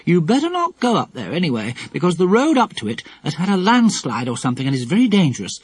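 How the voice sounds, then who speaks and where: A man playing a brisk sensible mother. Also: high voice, wildly swooping pitch, husky, pitched above the performer's own voice, exaggerated voice. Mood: calm.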